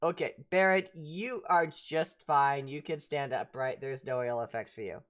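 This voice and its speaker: A woman narrating as game master of a tabletop game, animated and prone to restarting sentences. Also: sits low, normal speed.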